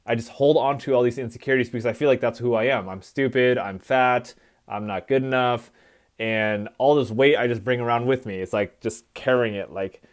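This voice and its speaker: A man's voice: medium pitch, fairly even intonation, fairly quick. A man who speaks at schools, telling his life story in a reflective, conversational way on a live stream. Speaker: motivational speaker.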